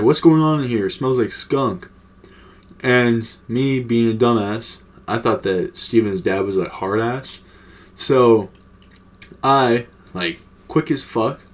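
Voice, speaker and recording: A young man telling a casual, slangy, profane story to his vlog audience. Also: lowish voice. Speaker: storytime vlogger.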